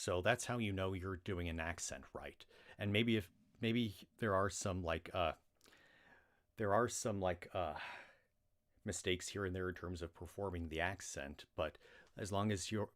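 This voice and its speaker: A man's voice: deep voice, a bit bright. An American man chatting casually on his livestream, rambling with many restarts and fillers. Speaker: livestream reader.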